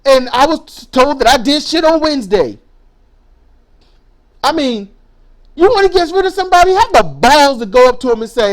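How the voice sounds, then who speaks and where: A woman's voice: high voice, animated, moderate pace. A woman ranting angrily in a vlog. She swears a lot, hammers her points, and stumbles over repeated words when worked up. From United States. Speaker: YouTuber.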